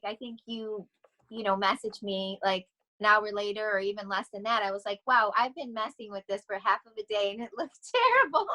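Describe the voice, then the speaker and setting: A middle-aged woman talking casually as a podcast guest, rambling and animated, often laughing as she speaks. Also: medium pitch, low-quality recording. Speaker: podcast guest, vocal coach. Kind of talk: casual interview chat.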